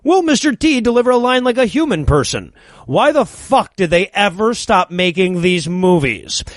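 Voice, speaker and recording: A man's voice: sits high, sing-song, normal speed, no echo. A man co-hosting a comedy podcast, wryly recapping a movie's plot with jokes. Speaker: podcast co-host.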